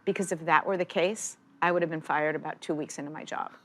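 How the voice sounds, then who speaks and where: A woman's voice: deep voice, fast. A woman in her sixties, an interview guest telling stories emphatically in a strong, not dainty voice. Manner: emphatic, forceful, animated storyteller. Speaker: guest, football analyst. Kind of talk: conversational interview storytelling. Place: studio.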